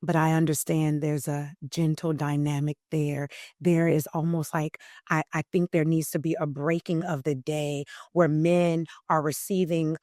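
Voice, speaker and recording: A woman voice coach talking in a podcast interview, expressive and emphatic, shifting her loudness and pitch to make a point. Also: measured pace, hardly any pauses, dry recording, studio quality. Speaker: voice coach guest.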